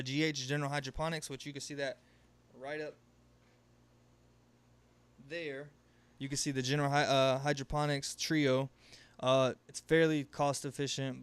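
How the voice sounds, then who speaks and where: Laid-back rambling man, smooth voice. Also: on the high side. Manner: laid-back, rambling, swears freely, laughs often. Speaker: livestream host. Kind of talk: casual live Q&A chat.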